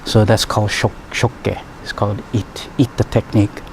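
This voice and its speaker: A man's voice: fairly low pitch, flat delivery, normal speed, slight background noise. A man, a martial arts teacher and healer, telling stories in a rambling, chuckling way full of fillers. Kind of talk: conversational storytelling.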